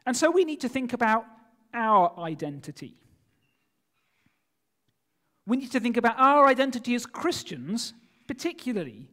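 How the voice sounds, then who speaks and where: High-voiced, animated male preacher. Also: moderate pace, pauses often. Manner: animated, asks listeners rhetorical questions. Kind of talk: sermon. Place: church. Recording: long church hall reverb.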